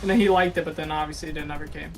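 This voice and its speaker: A man's voice: a little high, rapid-fire, vocal fry. Rambling, cursing young man with game music. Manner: rambling, animated, swears a lot. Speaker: streamer telling a story to friends. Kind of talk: casual profane chat over gameplay.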